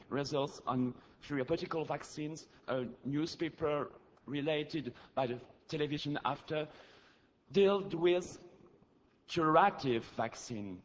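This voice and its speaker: Man, French accent, activist at the audience mic, earnest and halting, dull lo-fi sound, faint hiss. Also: a little high. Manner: earnest, halting, grows insistent. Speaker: activist asking a question from the audience. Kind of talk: conference audience question. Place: large conference hall. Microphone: audience floor microphone.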